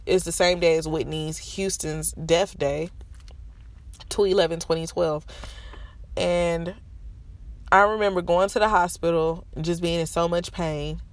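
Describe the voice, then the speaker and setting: A woman's voice: on the low side, steady tone, unhurried, long pauses, no echo. A woman in her thirties telling viewers a painful personal story from her parked car, frank and emotional, with a stuffy nose. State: stuffy nose from holding back tears. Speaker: vlogger. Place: parked car in a school parking lot.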